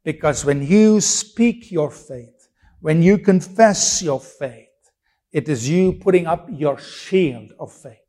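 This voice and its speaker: A man preaching a sermon with a somewhat high voice. He talks emphatically, repeats phrases for effect and fires off rhetorical questions, sometimes restarting mid-sentence. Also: animated, takes it slowly, mellow.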